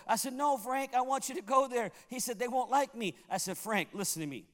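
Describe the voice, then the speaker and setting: A man's voice: extremely high pitch, brisk. A man from Puerto Rico preaching a sermon as a pastor, telling a story and acting out the people in it. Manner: animated, acts out the people in his story. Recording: long hall reverb.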